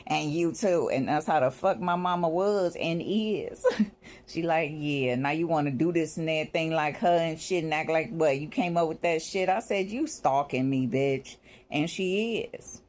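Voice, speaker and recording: A woman's voice: low voice, unhurried, a little mellow. A woman rambling in a casual vlog, swearing freely, laughing often and quoting what she and others said. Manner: profane, laughing, quoting herself in asides. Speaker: vlogger.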